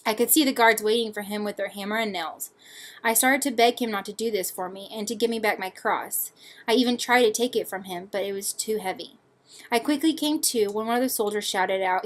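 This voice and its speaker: Brief: a young woman student, fairly high voice, earnest and measured, reading her own essay aloud.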